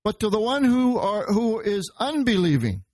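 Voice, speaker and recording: A man's voice: high-pitched, sing-song, moderate pace, a little mellow, dry recording. A man preaching as pastor, teaching verse by verse and explaining the Greek words behind the scripture he quotes. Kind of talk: verse-by-verse sermon.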